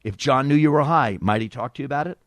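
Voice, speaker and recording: Man, podcast host, casual joking banter, mid-pitched, dry close mic. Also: no room sound. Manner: joking, rambling, breaks into quick impressions.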